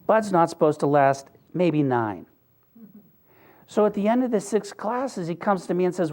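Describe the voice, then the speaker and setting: A man's voice: high-pitched, animated, moderate pace, a little mellow. An older man giving an earnest, conversational talk, telling a personal story with wry asides. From Pennsylvania, US. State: briefly choked up. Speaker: speaker.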